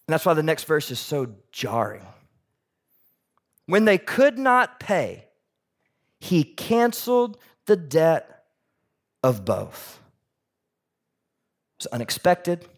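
A man preaching a sermon in a conversational, animated way, asking the audience questions and swinging from loud emphasis to soft near-whispers. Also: on the high side. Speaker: pastor.

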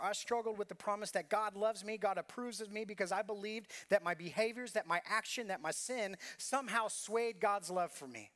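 A man's voice: high-pitched, fairly bright tone. A man preaching a sermon as pastor, earnest and confessional, telling a personal story with repeated phrases.

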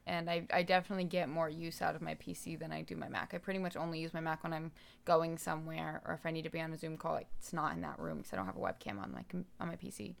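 A woman's voice: low voice, little pitch movement, fast, vocal fry. A young woman hosting a podcast, chatting casually and teasing her sister, laughing often. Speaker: podcast host.

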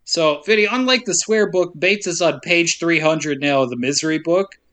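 A man with a bright, slightly high voice tells a movie story for a podcast. He acts out the characters' lines with playful, swearing humor. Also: normal speed. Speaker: podcast co-host. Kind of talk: casual movie recap chat.

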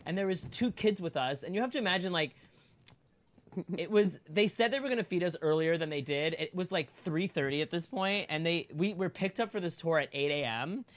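A man's voice: a little high, expressive, a little fast. A man co-hosting a casual chat podcast, telling a story with laughter and casual swearing. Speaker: podcast co-host.

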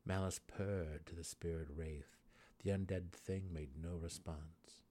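Low-voiced man narrating fantasy. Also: fairly even intonation, mellow. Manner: dramatic, measured. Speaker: audiobook narrator. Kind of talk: dramatic fantasy audiobook reading.

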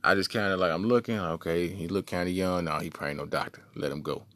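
A man's voice: fairly even intonation, fast talker, a bit bright, no room sound. A man in his forties, a podcast co-host, telling a story in a laid-back, slangy way. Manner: laid-back, slangy, puts on high voices for quoted people. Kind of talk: casual storytelling.

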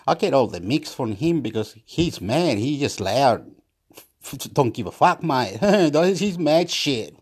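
A man's voice: mid-range voice, very animated, a little slow, darkish tone, husky. A man rambling late at night while smoking, laughing a lot and swearing. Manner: laughing often, swearing, nonsense scatting and vocal percussion. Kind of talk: late-night solo recording, rambling and beatboxing.

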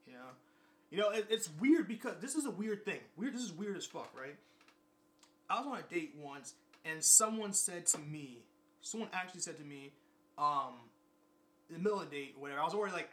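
A man's voice: on the high side, fairly bright tone. A young man talking casually and at length, rambling, repeating himself and swearing freely. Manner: rambling, repetitive, profane. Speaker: vlogger. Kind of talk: casual monologue.

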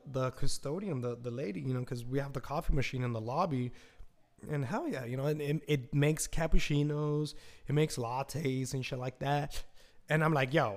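A man hosting a podcast in a casual, rambling monologue, swearing freely and scattering fillers as he talks. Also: mid-range voice. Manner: rambling and profane, full of fillers. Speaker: podcast host.

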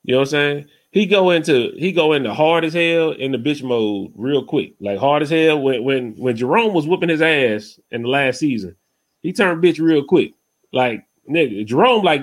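A man with a slightly high voice hosts a podcast at a moderate pace. He chats in a rambling, casual way, often saying "you know what I'm saying," and heats up when ranting.

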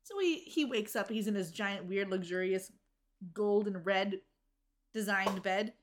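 A woman co-hosting a casual TV recap podcast, talking in a tired, wry way with quick asides and frequent laughs. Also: mid-range voice. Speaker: podcast co-host recapping a TV episode. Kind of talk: casual chat.

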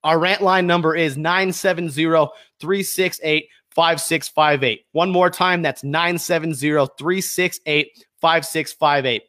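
A worked-up man hosts his own show, ranting hard. His voice sits high and sounds bright and tense, and he pushes every point. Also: measured pace, hardly any pauses. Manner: fired up, shouting accusations, then calm plugs. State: sweating, worked up. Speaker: podcast host. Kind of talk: heated political rant.

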